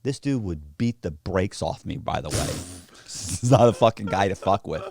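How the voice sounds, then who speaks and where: Lively man telling stories on a podcast. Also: deep voice, moderate pace, gravelly. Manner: animated, profane, acts out the voices of others in his stories. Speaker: podcast guest. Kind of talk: casual storytelling in a podcast interview. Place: podcast studio.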